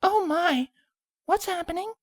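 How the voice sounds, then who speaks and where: A woman voicing a gentle, shy young female pegasus pony in a storybook reading, speaking softly. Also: very high-pitched, unhurried, no room sound, clean studio sound, voice pushed up. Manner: soft and gentle, calmly stern when needed.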